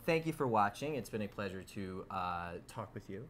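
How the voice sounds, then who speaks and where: A man's voice: fairly low pitch, expressive, heavy background noise. Playful, effusive man hosting an interview. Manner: jokey, effusive, halting with restarts. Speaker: film director hosting an interview. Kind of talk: casual, playful interview chat.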